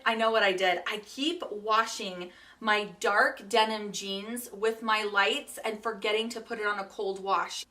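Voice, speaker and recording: A woman in her thirties chatting casually in a home vlog, upbeat and quick to laugh, sorting through her things. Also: a little high, sharp tone, distant mic. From Utah. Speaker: home organizing vlogger.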